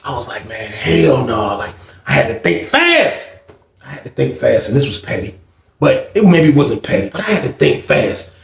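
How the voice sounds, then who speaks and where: Animated man telling a prison story. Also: mid-range voice, normal speed, vocal fry, reverberant. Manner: animated, acts out dialogue with shifting voices, heavy slang and profanity. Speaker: storytelling channel host. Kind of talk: casual storytime monologue.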